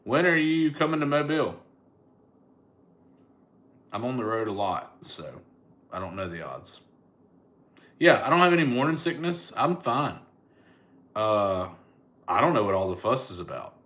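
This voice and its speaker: A man's voice: fairly low pitch, sing-song, normal speed, long pauses, fairly bright tone. A joking man from Alabama with a Southern accent, chatting casually on a live stream and answering comments. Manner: joking, laid-back, teasing. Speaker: comedian and online host.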